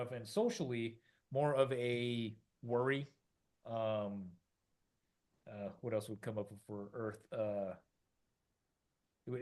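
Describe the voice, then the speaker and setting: A middle-aged man talks through ideas in a loose, rambling way, full of fillers and restarts. He slips into little acted-out voices to make his points. His voice sits at an ordinary middle pitch. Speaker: podcast co-host. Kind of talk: casual conversational explanation.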